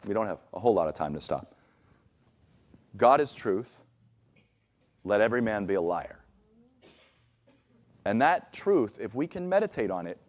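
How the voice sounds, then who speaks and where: A man's voice: fairly low pitch, darkish tone. A man preaching a conversational sermon in a church, acting out the voices he quotes. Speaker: pastor. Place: church sanctuary.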